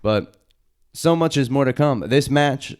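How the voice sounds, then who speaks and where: A young man, a podcast co-host and wrestler, telling stories in loose, excited, profane casual chat. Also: medium pitch, unhurried, clear, resonant tone. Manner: loose, excited storytelling full of slang and swearing.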